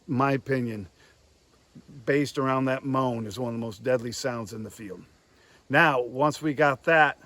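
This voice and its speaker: A man giving a hands-on lesson on goose calling, speaking plainly and pausing to demonstrate calls. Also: medium pitch, a bit bright. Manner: plain-spoken, demonstrates calls between explanations. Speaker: goose call instructor.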